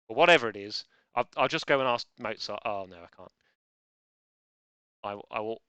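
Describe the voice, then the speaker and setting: A man's voice: medium pitch, lively intonation, a little fast, sharp tone, clean tone, no room sound. A man hosting a live quiz in a casual, playful way, chatting and breaking off into joking asides. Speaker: quiz host.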